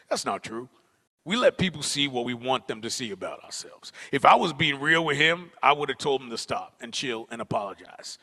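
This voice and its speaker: Slangy storyteller with a gravelly voice. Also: male voice, mid-range voice, a little fast. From Newark, New Jersey. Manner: animated, slangy, addresses the audience. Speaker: spoken-word performer. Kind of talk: comic storytelling monologue. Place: large auditorium. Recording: auditorium with long reverb.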